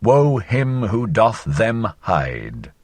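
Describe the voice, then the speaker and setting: A man reading a philosophical novel aloud as an audiobook, theatrical, with sweeping swings in pitch and loudness. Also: very animated, very slow, husky, no echo. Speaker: audiobook narrator.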